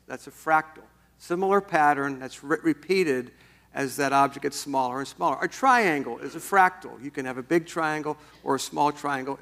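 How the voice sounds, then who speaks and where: A man's voice: fairly high pitch, a bit bright. A middle-aged male pastor giving a folksy, conversational sermon with small fillers and restarts.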